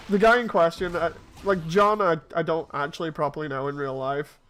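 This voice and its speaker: Dude in his 30s, fairly high voice, rambly chat while gaming. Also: fairly even intonation, a little fast, fairly bright tone, clear, resonant tone. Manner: rambling, chatty anecdotes. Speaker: streamer. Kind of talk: casual chat while playing.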